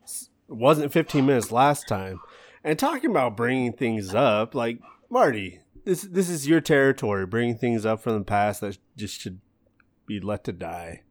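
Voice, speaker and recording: A man's voice: medium pitch, big pitch swings, normal speed. A man co-hosting a casual podcast chat, teasing and joking dryly. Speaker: podcast co-host.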